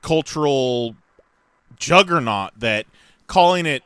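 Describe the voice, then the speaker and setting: A man's voice: medium pitch, animated, takes it slowly, fairly bright tone, smooth, dry recording. A man co-hosting a podcast, joking and arguing his point in casual chat. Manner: joking, argumentative. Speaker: podcast co-host.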